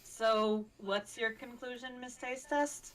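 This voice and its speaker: A woman's voice: fairly high pitch, steady tone, takes it slowly, heavy background noise. A woman playing a tabletop game, chatting casually with sarcastic teasing. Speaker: player.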